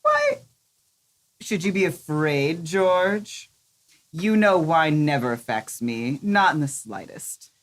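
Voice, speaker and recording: A woman reading a proud, sharp-tongued socialite. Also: low voice, huge pitch swings, exaggerated voice. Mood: wry. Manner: slow, reads punctuation marks aloud. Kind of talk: script table read.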